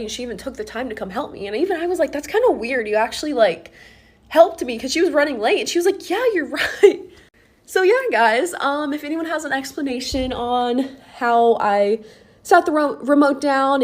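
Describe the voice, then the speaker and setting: A young woman telling a spooky story from her own life in a casual, chatty way, full of fillers and swearing. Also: high-pitched.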